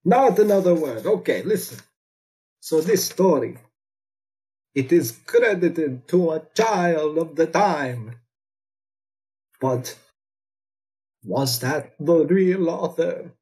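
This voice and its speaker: A man's voice: fairly high pitch, animated, slow, long pauses, dark tone, low-quality recording. A man putting on a pompous, melodramatic vampire count for a comedy podcast, speaking over a remote computer call. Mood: bossy, melodramatic. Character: theatrical male vampire count, grandiose and bossy. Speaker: guest. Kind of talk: comedic podcast role-play.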